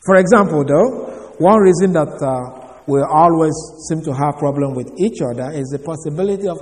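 A man delivers a teaching sermon in a church hall, unpacking words step by step with pauses and the odd filler. His voice sits a little high for a man. The sound rings with a long hall reverb. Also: darkish tone. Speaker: preacher.

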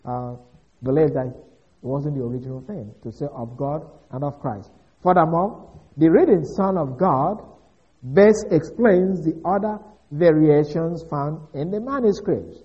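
A man giving a methodical, explanatory Bible teaching, working through a passage step by step. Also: on the high side. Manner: methodical, explanatory, with occasional restarts. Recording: dull lo-fi recording.

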